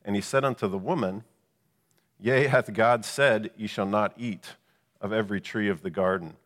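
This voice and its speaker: A man's voice: lowish voice, moderate pace, long reverb tail. A man preaching a Bible lesson, explaining verses and asking rhetorical questions. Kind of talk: Bible teaching.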